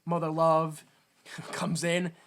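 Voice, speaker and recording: A man co-hosting a podcast, recapping a film scene by scene, swearing freely and slipping into quick voices for the characters. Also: fairly high pitch, completely flat delivery, fairly bright tone, clear, resonant tone. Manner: retells scenes, acting out lines in quick put-on voices; swears freely, laughs at his own jokes. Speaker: podcast co-host. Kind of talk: casual movie recap chat.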